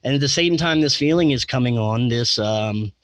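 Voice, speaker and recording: A man's voice: mid-range voice, moderate pace, fairly bright tone, no echo. A man telling a long personal story as a podcast guest, rambling with many fillers, restarts and chuckles. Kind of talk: casual interview storytelling.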